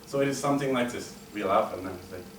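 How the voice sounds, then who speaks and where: A man giving a humorous speech at a speaking club, telling stories in a chatty, animated way. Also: on the low side, quick pace. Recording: roomy echo, distant mic, faint hum.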